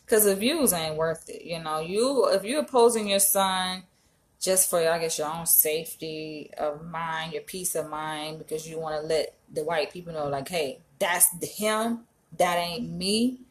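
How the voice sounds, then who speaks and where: Woman vlogger, animated and emphatic, casual commentary. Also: sits low, normal speed, slight background noise. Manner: animated, emphatic, frequent profanity.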